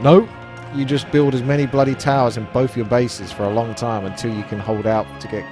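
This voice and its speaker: A man's voice: mid-range voice, brisk, hardly any pauses, a little mellow, faint music behind. A man co-commentating a strategy game match in a casual, joking and teasing way. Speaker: esports co-commentator.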